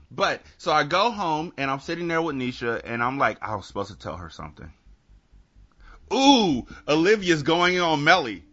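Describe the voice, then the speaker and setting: A man hosting a podcast, telling a story in casual chat, animated and swearing, laughing between lines. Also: mid-range voice, dull audio. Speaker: podcast host.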